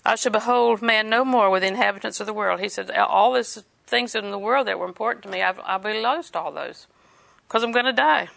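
A woman's voice: mid-range voice, fairly quick, vocal fry, a bit bright. A woman preaching a sermon, reading scripture in a conversational way and laughing often.

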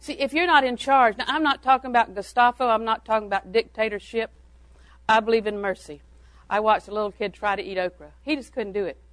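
A woman's voice: on the high side, fairly even intonation, a little fast, a bit bright, dry recording, low-quality recording. An older woman giving a homespun talk on parenting to a church audience, telling anecdotes and chuckling between them. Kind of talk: folksy storytelling talk to an audience.

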